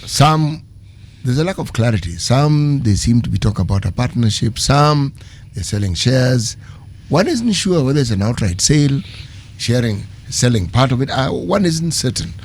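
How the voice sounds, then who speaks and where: A man's voice: medium pitch, sing-song, moderate pace, hardly any pauses, a little hiss or hum. A man hosting a radio interview and asking probing, leading questions. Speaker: radio host.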